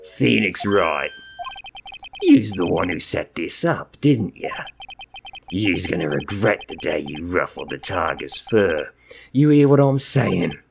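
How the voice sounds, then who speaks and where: A gruff, bellowing loan-shark thug from a video game, put on by a man. He barks in an exaggerated Brooklyn drawl, the voice gravelly and low underneath. Tough-guy slang runs through every line. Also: big pitch swings, slow pace, music in the background, heavily acted. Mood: threatening. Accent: put-on Brooklyn gangster. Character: brash loud male loan-shark gangster.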